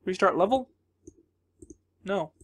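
A man's voice: high-pitched, expressive, slow pace, slightly rough, dry recording. A man giving let's play commentary, flustered and jumpy, thinking aloud and exclaiming often, then dropping to a mutter. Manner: drops to a mutter between outbursts. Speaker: gaming channel host.

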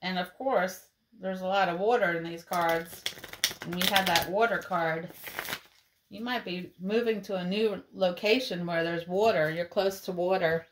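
Woman doing a tarot reading, unhurried and calm, lots of reassurance. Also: fairly low pitch, a little hiss or hum. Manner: slow, soothing, encouraging. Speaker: tarot reader. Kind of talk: tarot card reading for viewers.

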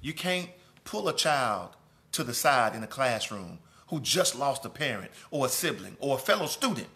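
A man teaching scripture like a sermon, his voice bright and forceful at a middling pitch. He drives points home with repeated phrases and rising emphasis, then drops into quieter, chatty asides with restarts. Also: sing-song, normal speed. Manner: preaching with emphatic repetition, swelling and dropping in volume. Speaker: pastor teaching a Sunday school lesson. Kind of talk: sermon-style Bible lesson.

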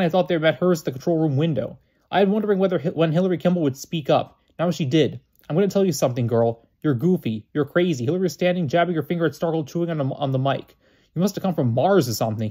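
A man's voice: on the high side, darkish tone. A man reading a novel aloud in a plain way, often stumbling and restarting his words. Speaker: reader.

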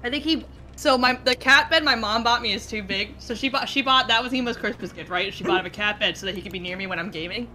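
A woman's voice: fairly high pitch, quick pace, pushed and bright, soft background music. A woman streamer chatting casually from her home gaming room, rambling and poking fun at herself. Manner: rambling, self-deprecating.

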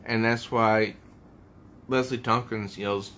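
A man's voice: mid-range voice, steady tone, slow, a bit bright, a little hiss or hum. A man giving a casual comic book review at home, rambling and thinking aloud as he pages through an issue.

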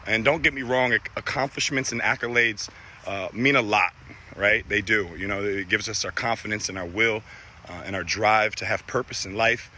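A man in his thirties, a father giving a heartfelt recorded message, halting and emotional, with many fillers and restarts. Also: on the low side, bright, forceful tone, slight background noise.

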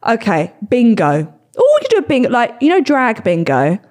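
A woman's voice: a little high, wildly swooping pitch, normal speed, darkish tone. A young woman hosting a casual podcast, chatting in a loose, rambling way. She pokes fun at herself as she tells stories. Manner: chatty, self-deprecating, rambling. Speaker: podcast host.

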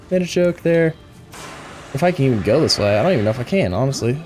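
A man giving excitable let's play commentary, thinking aloud and gasping at each new find. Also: mid-range voice, quick pace, a little hiss or hum. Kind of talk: gameplay commentary.

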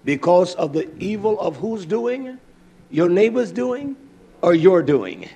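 A man preaching a fiery sermon, fervent and emphatic, drawing out words and breaking into shouts. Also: high-pitched, sing-song, takes it slowly, breathy edge.

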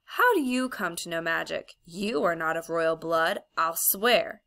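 A woman's voice: on the low side, lively intonation, unhurried, creaky, pushed and bright, heavily acted. A woman doing a commanding, scornful witch queen. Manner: commanding, contemptuous.

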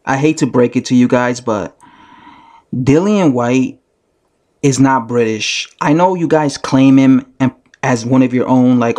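A man's voice: medium pitch, unhurried, darkish tone. A man ranting in a commentary vlog, talking straight to his viewers and hammering the same point again and again. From United States. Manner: argumentative, repetitive, addresses viewers directly. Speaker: vlogger.

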